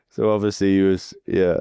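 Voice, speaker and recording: A man's voice: low voice, vocal fry, mellow, smooth, no echo, clean studio sound. A Welsh man co-hosting a cycling podcast, telling stories in a laid-back, chatty way. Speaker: podcast co-host, pro cyclist. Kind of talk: casual podcast chat.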